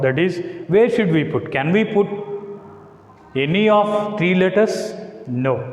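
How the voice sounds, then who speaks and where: A man with an Indian English accent teaching a class, speaking slowly and repeating words for his students to follow. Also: on the high side, darkish tone. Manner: slow, repeats words for drilling. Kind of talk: classroom lecture. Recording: echoey room with long reverb.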